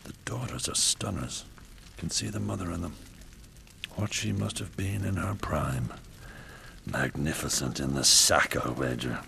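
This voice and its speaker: A man's voice: a bass voice, a little slow, gravelly, pushed and bright, a little hiss or hum, full character voice. An actor playing a brutal, lecherous warrior king, talking in a crude, leering, menacing way. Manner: crude, leering, menacing first-person monologue. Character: brutal, lecherous, swaggering warrior king, middle-aged man.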